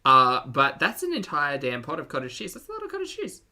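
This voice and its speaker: Bright, lively Australian man laughing on stream. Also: fairly high pitch, fairly quick. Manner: chatty, laughs often, reads out chat messages. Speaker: streamer reacting to videos. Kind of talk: live reaction stream, casual chat.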